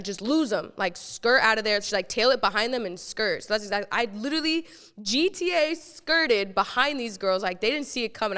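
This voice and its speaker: A young woman hosting a podcast and telling a story casually, animated, swearing freely and acting out what she said back then. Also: medium pitch, smooth, big-room sound. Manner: animated, swears freely, acts out her own quotes. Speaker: podcast host.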